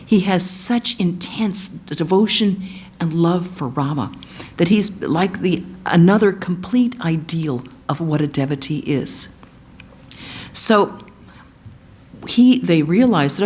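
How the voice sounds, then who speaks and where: A woman with a low-pitched voice gives a sermon, retelling an old epic as lively storytelling. She acts out the quotes of its figures in a bright, engaged manner. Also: slow. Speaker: guest speaker, monastic.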